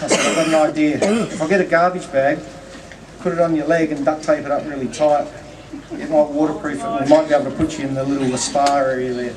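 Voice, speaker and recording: A man's voice: on the high side, fairly even intonation, brisk, a crowd in the background. Man telling a funny eulogy story. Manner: storytelling with dry humor, acts out dialogue. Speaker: eulogy speaker. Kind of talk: eulogy anecdote at a memorial. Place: memorial gathering. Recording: distant mic with audible room ambience.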